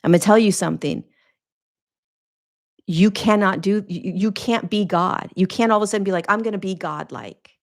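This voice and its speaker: On her own podcast, a woman with a mid-range voice speaks as a spiritual teacher at a normal pace, pausing often and keeping her intonation fairly even. She preaches in an earnest, emphatic monologue, repeating phrases to give them weight.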